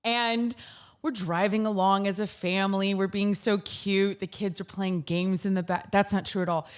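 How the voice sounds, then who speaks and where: A woman, hosting a talk show and telling comedic stories in an animated way. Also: mid-range voice, moderate pace, clean tone. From Southern United States. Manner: animated storyteller, bursts into shouts. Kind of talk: comedic monologue.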